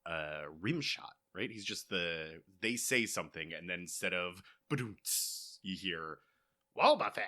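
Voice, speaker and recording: A man co-hosting a casual comedy podcast, chatting slowly and dropping in wry jokes. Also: low-pitched, pushed and bright. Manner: slow, wry, drops in jokes. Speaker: podcast co-host.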